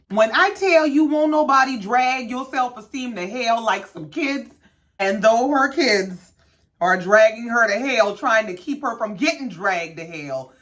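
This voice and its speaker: Woman reality-recap host, sassy and animated, acts out cast voices, very expressive pitch. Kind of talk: casual recap commentary.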